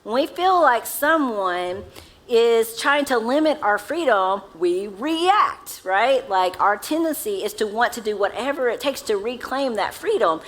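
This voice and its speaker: Speaking from the sanctuary, this Southern-accented woman pastor delivers her sermon in an easygoing, chatty way and quizzes the congregation as she goes. Her voice runs high and a bit bright, lively yet unhurried, though the audio is poor.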